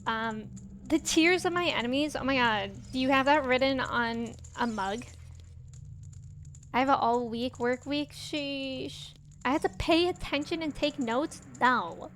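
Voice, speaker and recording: This young woman has a high-sitting, fairly bright voice with a Midwestern American accent, and she speaks at a measured pace. She's livestreaming a game, giggling, rambling and chatting casually with viewers over game music. A faint hiss or hum is audible.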